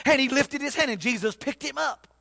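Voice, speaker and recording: Casting: man preaching a sermon, bright forceful tone, lively folksy storytelling. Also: very high-pitched, brisk, gravelly. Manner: animated, folksy storytelling with sudden loud bursts. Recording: long hall reverb.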